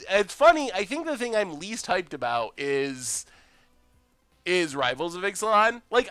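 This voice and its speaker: A young man casually commenting on his card game stream, chatty and excitable, reading out chat messages. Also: sits high, clean tone, no echo.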